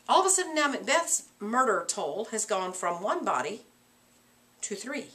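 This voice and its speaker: A middle-aged woman teacher lectures her class with a bright, clear voice that sits a little high. She keeps things animated and conversational, breaking into short dramatic readings of characters' lines. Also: moderate pace.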